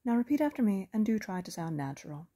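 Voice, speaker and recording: Woman reader as a cold female hunter: soft husky alto, quick, light, friendly menace, audiobook. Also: medium pitch, very animated. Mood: calmly menacing. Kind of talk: audiobook character reading.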